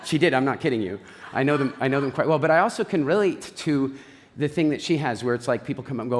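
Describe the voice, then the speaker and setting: A middle-aged man speaks from a stage in a large hall, with a long reverb trailing each phrase. He tells stories with animation and acts out quotes. He also slows down and guides his listeners through relaxation. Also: medium pitch, lively intonation. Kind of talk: motivational stage talk.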